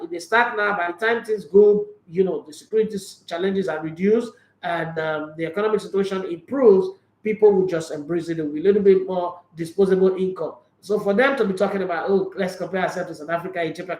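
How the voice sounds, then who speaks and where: A man with a Nigerian English accent hosting a sports show, reading viewer comments aloud and answering them in a husky, tired voice. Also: high-pitched, darkish tone, reverberant, rough recording. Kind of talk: casual sports chat.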